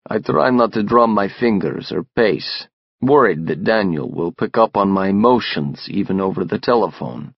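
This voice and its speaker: A man reading a first-person audiobook in a measured, restrained way. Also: lowish voice, expressive, vocal fry, husky, no echo, lo-fi sound. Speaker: audiobook narrator.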